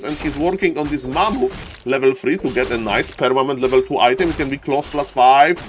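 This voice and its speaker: A man who is not an English speaker, commentating a strategy game match live on stream, greeting viewers and getting loud at big plays. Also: mid-range voice, a little fast, few pauses. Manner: excitable, shouts at big plays, non-native English phrasing. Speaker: esports caster and streamer.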